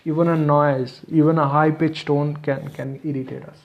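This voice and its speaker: A man's voice: fairly high pitch, little pitch movement, moderate pace, dull audio. A man presenting a webinar lecture, explaining step by step, repeating his phrases and checking in with "okay". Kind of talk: online lecture.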